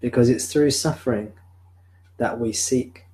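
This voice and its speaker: A man, a spiritual teacher, speaking calmly and reflectively at a live-streamed home satsang into a sensitive desk microphone. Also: mid-range voice, rough recording. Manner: calm, reflective, answers viewer questions slowly. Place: home room.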